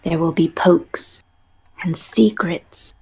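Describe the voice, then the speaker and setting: Husky woman doing slow mock-trailer narration. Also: on the low side, fairly even intonation, a little mellow. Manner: slow and theatrical, often dropping to a whisper, giggling between phrases. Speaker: stream co-host.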